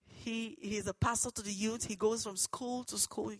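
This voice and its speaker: A woman giving an earnest personal testimony that turns into preaching, moving between hushed and loud, fervent passages. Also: fairly high pitch, steady tone, moderate pace, no echo, poor audio. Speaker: testimony speaker.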